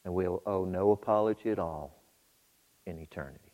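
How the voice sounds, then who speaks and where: A man preaching a sermon, shifting between quiet storytelling and loud, fervent exhortation to his congregation. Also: low voice, a little fast. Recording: muffled hall with long reverb.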